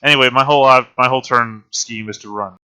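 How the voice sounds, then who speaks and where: Bright-voiced man playing a tabletop game. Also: medium pitch, fairly even intonation, clear, resonant tone. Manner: quick, joking, talks through moves aloud. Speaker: player. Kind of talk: tabletop game play over voice chat.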